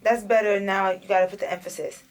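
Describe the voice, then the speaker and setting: A woman's voice: medium pitch, steady tone, quick pace. A woman coaching her son in a recording studio. She gives emphatic, directive instructions and chats casually for a reality vlog.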